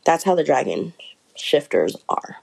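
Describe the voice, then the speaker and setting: A woman's voice: low voice, very animated, measured pace, vocal fry, a little mellow, poor audio. A woman chatting casually through a book review, rambling and correcting herself as she goes.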